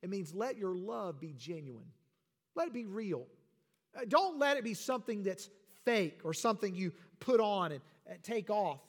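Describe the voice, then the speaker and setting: A man preaching a sermon as pastor, emphatic, with sudden drops to quiet asides. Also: high voice, big pitch swings, normal speed. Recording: reverberant hall.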